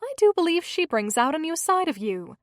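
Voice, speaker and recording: A woman voicing a lively, witty young female assistant who talks a lot and teases in an audiobook. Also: extremely high pitch, a little fast, dry recording, clean studio sound, voice pushed up. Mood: teasing. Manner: chatty and warm-witted.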